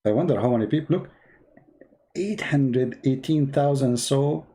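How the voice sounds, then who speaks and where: A man's voice: mid-range voice, normal speed, warm tone. A man hosting a live stream, talking casually in a mocking way in broken English and telling a joke.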